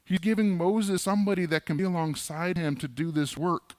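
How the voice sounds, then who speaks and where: Casual higher-voiced male pastor. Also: fairly even intonation, fairly quick, darkish tone, dry recording. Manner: conversational with casual humorous asides. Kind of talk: sermon. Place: church.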